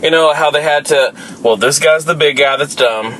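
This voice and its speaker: A man's voice: on the high side, normal speed, a bit bright, slight background noise, rough recording. A young man with a Southern US accent co-hosting a podcast in casual chat, rambling and profane, often trailing off and restarting. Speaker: podcast co-host.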